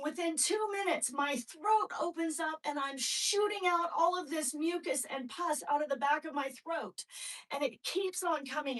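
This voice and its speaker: Middle-aged woman, earnest livestream storyteller, higher voice, recorded at a distance. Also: a bit bright. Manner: earnest, rambling storytelling, often addressing viewers as "you guys". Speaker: livestream host. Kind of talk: emotional personal testimony.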